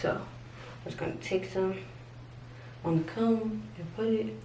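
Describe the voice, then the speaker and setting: A woman's voice: medium pitch, measured pace, mellow, recorded from a distance. A woman chatting through a casual tutorial vlog in a slangy, rambling way from her bathroom. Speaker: vlogger. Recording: roomy, off-mic, faint noise.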